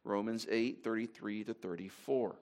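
A man's voice: fairly low pitch, fairly even intonation, moderate pace, a little mellow. A man preaching to a congregation in a conversational way, with fillers and restarts as he reads scripture aloud. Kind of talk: sermon.

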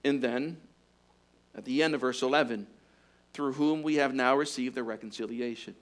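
A man preaching a sermon. He builds to loud, fervent exhortation and then drops to a hushed closing prayer. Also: medium pitch, moderate pace. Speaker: pastor.

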